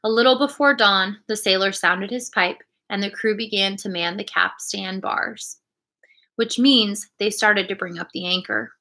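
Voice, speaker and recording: Brief: woman reader, clear storytelling delivery, bright voice. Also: mid-range voice, measured pace. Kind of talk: reading a children's storybook aloud.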